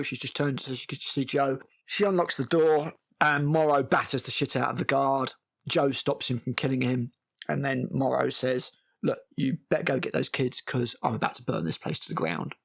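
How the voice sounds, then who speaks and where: Sweary, gravelly man ranting. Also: on the high side. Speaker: TV critic. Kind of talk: casual spoken review.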